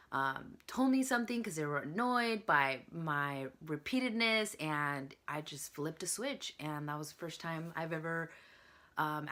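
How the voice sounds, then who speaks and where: A woman's voice: low voice, fairly bright tone. A woman vlogger talking casually to camera, candid and chatty, sharing advice and a personal story.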